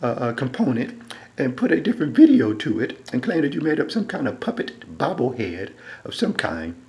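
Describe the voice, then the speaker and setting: A man delivering a rambling, repetitive monologue into a phone, dropping to a low mutter and then rising into loud, emphatic bursts. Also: sing-song, normal speed, low-quality recording. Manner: repetitive, keeps saying "all right". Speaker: self-styled preacher.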